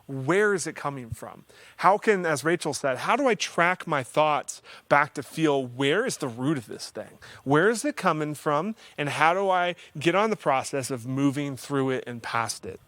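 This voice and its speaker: A man's voice: on the high side, expressive, normal speed, fairly bright tone, dry recording. A man hosting a counseling livestream, giving a casual faith-based teaching talk in a conversational, earnest way with self-deprecating humor.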